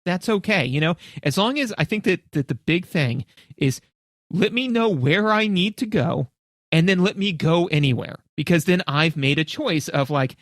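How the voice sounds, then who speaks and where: A man's voice: high voice, expressive, moderate pace, dry recording, studio quality. A man co-hosting a podcast, rambling emphatically in casual chat. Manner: rambling, emphatic, many restarts and asides. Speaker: podcast co-host.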